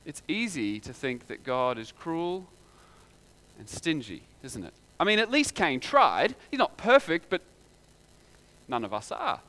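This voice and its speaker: A man's voice: a little high, very animated, a little slow, pushed and bright. A man preaching a sermon in a conversational way, full of rhetorical questions.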